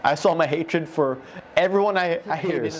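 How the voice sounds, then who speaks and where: A man in his twenties giving an emotional personal testimony, telling it in a heartfelt, animated way with many fillers. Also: a little high, normal speed. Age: 20s. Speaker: guest telling a near-death testimony.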